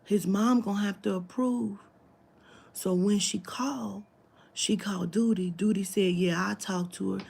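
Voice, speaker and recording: A woman's voice: medium pitch, steady tone, a little slow, gravelly, a little mellow, slightly rough. A woman telling a long story in casual talk, acting out the quoted dialogue, swearing freely and dropping into whispers. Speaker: spiritual reader telling a client story.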